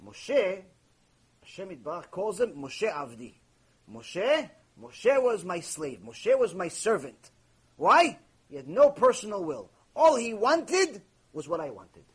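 Speaking slowly in a high, sing-song voice that's slightly rough, a man gives a passionate Mussar lecture on Torah. As a rabbi, he rebukes his audience and blends Hebrew terms into English, captured on a rough recording.

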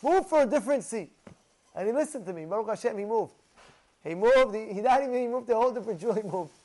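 A man gives a Torah lesson in a notably high voice, acting out stories with energy. He laughs often and fires questions at his listeners. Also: rapid-fire. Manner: lively storyteller who laughs often and asks questions. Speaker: Torah teacher.

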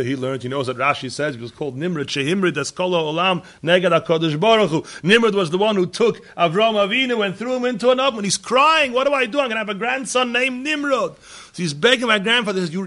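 A man giving a sermon as a rabbi, swinging from loud emphatic peaks to quiet, low asides. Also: gravelly.

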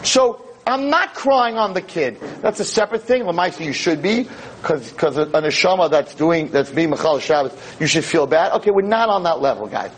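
A rabbi and teacher with a voice on the high side delivers an impassioned, animated Torah lecture at normal speed, emphatic and rising to near-shouts, peppered with Hebrew and Yiddish terms. The recording is rough, with slight background noise.

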